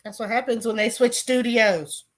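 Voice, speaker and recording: A woman's voice: a little high, steady tone, moderate pace. A woman co-hosting a casual chat, matter-of-fact and teasing. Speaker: co-host.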